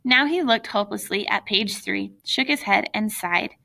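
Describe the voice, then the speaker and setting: A woman reading a children's novel aloud in plain, steady storytelling. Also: mid-range voice, moderate pace, creaky. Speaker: audiobook reader.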